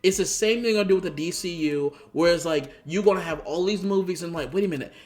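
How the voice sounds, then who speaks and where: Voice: mid-range voice, brisk. A vlogger giving ranting commentary, exasperated and profane, firing off rhetorical questions. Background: faint background music.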